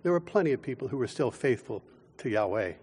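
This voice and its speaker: A man preaching a sermon as pastor, with deliberate, emphatic delivery and dramatic pauses. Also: mid-range voice, animated, darkish tone, husky, big-room sound.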